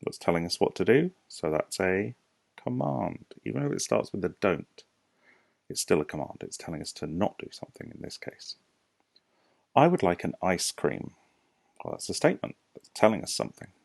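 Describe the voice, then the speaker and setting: A British primary school teacher with a deep, gravelly voice gives a recorded home lesson for young children. He explains slowly, clearly and patiently, asking rhetorical questions, and his pitch swings widely. The recording is dry and close.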